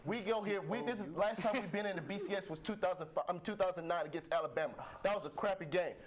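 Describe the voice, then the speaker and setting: A man's voice: high-pitched, fast. A man doing an angry senior football player. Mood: rallying. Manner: blustering, repetitive. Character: angry senior male college football player rallying his team. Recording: noticeable background noise.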